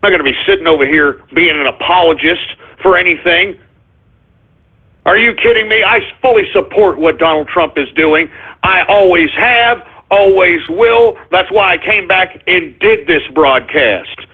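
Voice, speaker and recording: A man hosting a political talk radio show, ranting combatively and breaking into shouted bursts. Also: sits high, animated, normal speed, breathy edge. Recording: phone-like narrow band.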